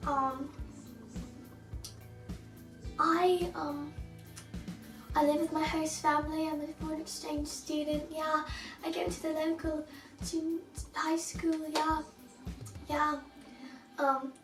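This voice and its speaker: A woman's voice: high-pitched, level tone, takes it slowly, pauses often. A girl putting on a British accent to play a chirpy young woman from Bath who chats with hesitant fillers. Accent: put-on British. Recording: roomy, distant mic, faint music.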